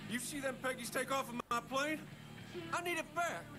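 A man's voice: very high voice, normal speed. An actor playing a desperate rural pilot and family man in a video game, pleading and swearing. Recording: game audio with music behind. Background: game music.

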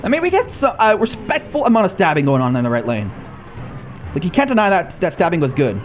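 A young man gives lively live commentary on his gameplay, his slightly high voice swinging widely in pitch. He coaxes his cards, mocks himself and talks straight to his viewers. A faint music track plays behind him. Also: fast. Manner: excitable, talks to the cards and the viewers, self-mocking. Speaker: gaming YouTuber.

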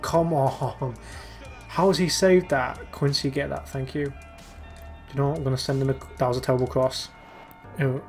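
A man's voice: on the high side, a little mellow. A young man commentating live over a football video game, exasperated and urging his players on. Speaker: gaming YouTuber.

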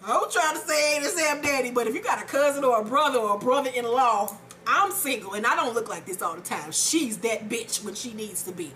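Casting note: upbeat woman advice co-host, bright high-ish voice, loud and swearing freely. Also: a little fast, few pauses, slight background noise. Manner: animated, profane, exclamatory. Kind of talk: casual advice chat, reading a viewer letter.

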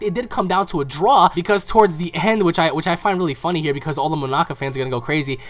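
A man hosting an online video, excitedly recapping an anime episode in casual, emphatic commentary. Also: sits high. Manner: excitable, emphatic, acts out characters' lines in quotes. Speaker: anime reaction channel host.

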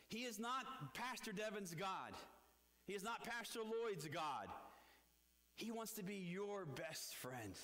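Guy preaching in church, high sharp voice, emphatic, long echo from the sanctuary. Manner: emphatic, rising and falling preaching with rhetorical questions. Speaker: pastor. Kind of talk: sermon.

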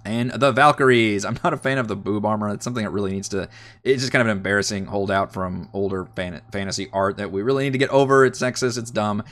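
A man's voice: fairly low pitch, fast talker, a bit bright. A man giving a casual, enthusiastic spoken review of a tabletop game book, chatty and full of fillers.

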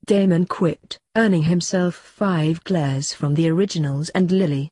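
A woman's voice: on the low side, measured pace, hardly any pauses, mellow, slightly rough, dry recording, studio quality. A woman reading fanfiction aloud, narrating steadily and lightly voicing the dialogue. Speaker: fanfiction reader.

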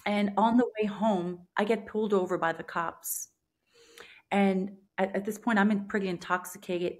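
A woman's voice: mid-range voice, a bit bright. A woman guest on a podcast telling her personal faith testimony in an earnest, emotional way, often restarting her sentences.

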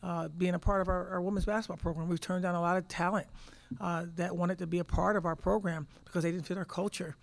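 A woman's voice: on the low side, steady tone, fast talker, creaky. A woman in her fifties, a head basketball coach answering press conference questions, telling stories emphatically and repeating words as she thinks.

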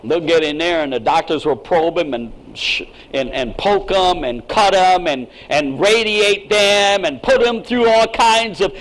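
A pastor, an older man, preaching a sermon in an emphatic style that swings from quiet asides to shouting. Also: high-pitched, poor audio.

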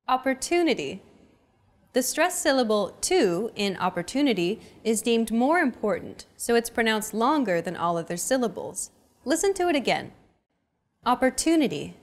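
A woman hosts a language lesson and reads her script with a voice that rises and falls a lot. Her pitch sits a little high, and she cheers the learner on with short prompts. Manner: bright, encouraging teacher prompts.

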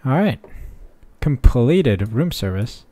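A man's voice: medium pitch, big pitch swings, slow, warm tone, dry recording. A young man giving muttered, sarcastic let's-play commentary from his desk microphone. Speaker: gaming channel host.

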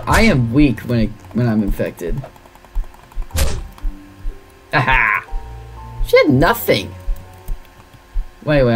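A gaming channel host giving gameplay commentary, reacting dramatically to the game and talking to its characters. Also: medium pitch.

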